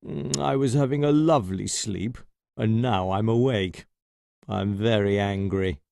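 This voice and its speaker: A man's voice: on the low side, creaky, darkish tone, dry recording, studio quality. A man voicing a big, grumpy and boastful male lion who growls and mutters. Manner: growling, slow.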